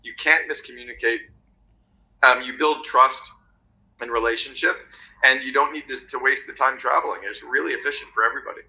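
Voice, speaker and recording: A man's voice: mid-range voice, brisk, creaky, pushed and bright, rough recording. A man talking as a guest on a business podcast, confident and telling anecdotes with acted-out quotes. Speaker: guest author on meetings. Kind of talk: podcast conversation.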